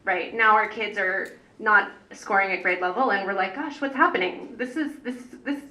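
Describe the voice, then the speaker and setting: Bright-voiced woman organizer, rambling. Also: medium pitch, normal speed. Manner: rambling, many fillers and restarts, earnest. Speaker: parent education organizer on a panel. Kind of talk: unscripted panel talk. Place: public panel hall. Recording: echoey hall, mic at a distance.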